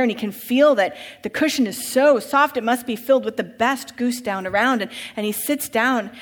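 A woman preacher tells a story in a vivid, expressive sermon, her voice sitting fairly high. A long church reverb hangs behind every phrase.

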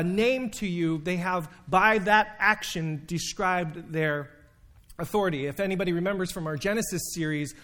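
Animated man preaching with humor. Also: sits high. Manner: animated storytelling with humor and emphatic pauses. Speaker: preacher and teacher. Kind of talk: sermon.

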